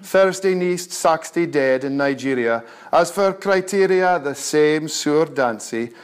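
Slow, measured North-East Scots poet. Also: male voice, on the high side, animated, clear, resonant tone. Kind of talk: poetry recital.

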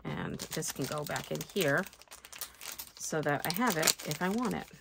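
A woman's voice: low-pitched, animated, unhurried, vocal fry, heavy background noise. A woman vlogger chatting casually and thinking aloud as she sets up a planner, joking about herself as she goes. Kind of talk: rambling casual chat while crafting.

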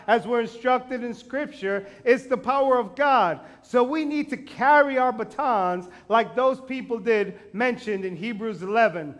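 High-voiced male pastor preaching animatedly. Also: normal speed, few pauses. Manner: animated, self-deprecating humor, acts out quotes; builds to emphatic repeated declarations. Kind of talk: sermon.

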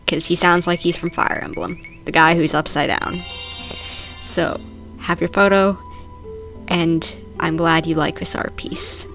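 A woman's voice: on the low side, little pitch movement, unhurried, a bit bright, faint music behind. Chatty woman narrating her gameplay. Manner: chatty and playful, narrating her own moves. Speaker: gaming video host. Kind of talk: casual let's-play commentary.

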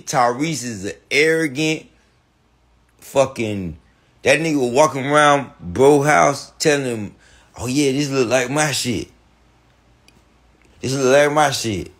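A man telling a heated, profane story on a podcast, repeating himself and breaking into animated outbursts. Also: medium pitch. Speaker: podcast guest.

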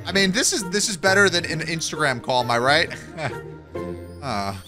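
A young man hosting a gameplay video, giving hyped, rapid-fire commentary. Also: fairly high pitch, expressive. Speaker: gaming YouTuber host. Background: background music.

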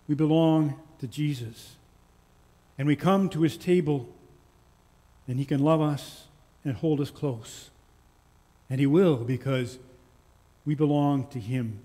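A male pastor preaching in a church, slow and earnest, with lines that trail off softly. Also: fairly high pitch. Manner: slow, earnest storytelling with soft, quiet endings. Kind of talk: sermon. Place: church sanctuary. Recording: long church reverb.

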